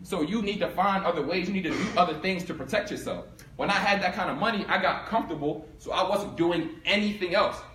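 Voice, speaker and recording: A young man from Philadelphia giving a storytelling talk to a live audience, animated and acting out both sides of his story. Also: sits high, quick pace, slight background noise. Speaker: speaker giving a talk on income. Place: room with an audience. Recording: echoey room.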